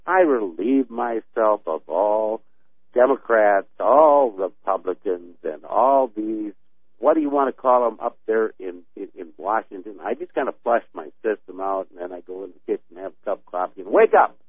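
A man's voice: fairly low pitch, expressive, normal speed, no room sound. A man calling in to a talk radio show, ranting in a folksy, fired-up way and telling homespun stories. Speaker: radio caller. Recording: tinny phone line.

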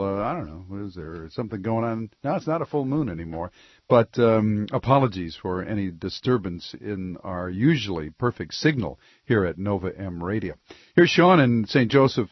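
A man's voice: mid-range voice, no echo, highs cut off. A man hosting a call-in radio talk show from a studio, rambling and jokey as he reads listener emails and takes calls.

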